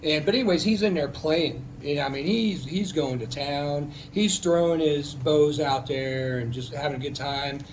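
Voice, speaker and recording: A man's voice: a little high, normal speed, few pauses, slight background noise, poor audio. A man, a military veteran, telling a personal story in a casual, heartfelt, rambling way, with many restarts.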